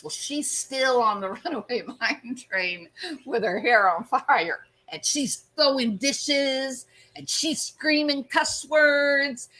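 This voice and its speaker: A woman's voice: on the high side, pushed and bright. A woman hosting her own channel, telling a story with self-mocking, theatrical humor. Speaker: channel host. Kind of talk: storytelling commentary.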